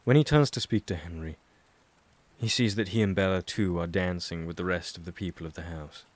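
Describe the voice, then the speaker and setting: A man narrating an audiobook, reading a chapter of fan fiction in a steady, even storytelling manner. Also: low voice, fairly quick.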